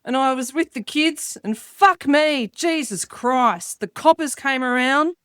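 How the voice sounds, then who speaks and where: Woman putting on a broad aussie bloke, crude and whingey, slow swearing rant, higher voice, dry sound. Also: lively intonation, fairly bright tone, smooth, no echo. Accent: broad Australian. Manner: slow, swearing, exasperated ranting. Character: crude grumbling Australian working-class bloke, middle-aged man.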